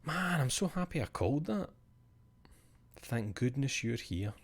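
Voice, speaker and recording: A man's voice: medium pitch, very animated, a little slow. A male streamer chatting casually after a live show, rambling, sweary and self-mocking.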